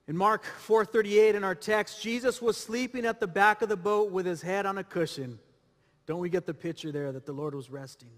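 A man's voice: sits high, moderate pace, in a large hall. A man preaching a sermon, asking rhetorical questions and repeating phrases as he builds his point. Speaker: pastor.

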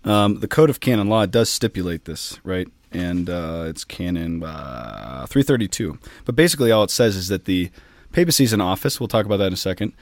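A priest with a fairly low voice talks through church matters on a podcast. He is chatty and explains things with jokes and asides. The sound is dry and close. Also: lively intonation, brisk, dry recording. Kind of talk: casual podcast chat.

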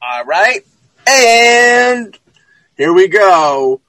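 A man's voice: sits high, big pitch swings, very slow, bright, forceful tone, no echo, poor audio. A man hosting a podcast, chatting loosely about a film and restarting his sentences often. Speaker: podcast host. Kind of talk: casual film commentary chat.

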